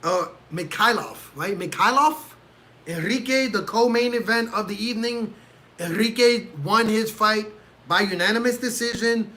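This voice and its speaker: A male livestream host reacts to fights from a room at home, his high-pitched voice bright and forceful at a normal speed. In a casual, exasperated rant, he talks right to his chat.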